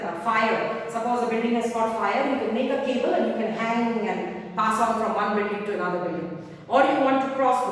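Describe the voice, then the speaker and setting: A woman teacher, explaining a play line by line to her class, paraphrasing and checking in with "okay?". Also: fairly high pitch. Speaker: literature teacher. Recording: echoey hall, distant mic, faint hiss.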